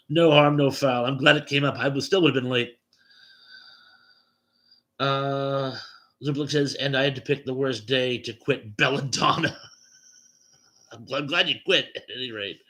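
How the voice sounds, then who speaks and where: A man's voice: medium pitch, a bit bright. A man hosting a late-night livestream chat, reading viewer comments aloud and chuckling at them between replies.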